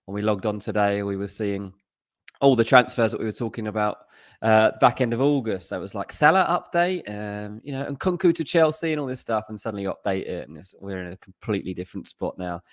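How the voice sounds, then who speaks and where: A man talking as a guest on a football podcast. His voice sits on the low side, and he rambles in a friendly way, with quick asides and self-corrections. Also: animated. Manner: chatty, quick asides, frequent fillers and restarts. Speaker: football transfer journalist guest. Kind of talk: casual podcast chat.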